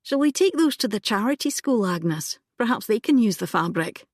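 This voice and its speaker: A woman voicing a poised, witty young gentlewoman in a composed, genteel manner. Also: fairly high pitch, animated, moderate pace, slightly rough, dry recording, clean studio sound, pitched above the performer's own voice.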